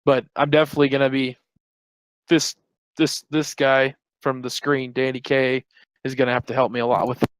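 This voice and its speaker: A man's voice: mid-range voice, little pitch movement, normal speed, clean tone, no room sound, poor audio. A man who is a guest on a live stream, chatting casually with playful wisecracks.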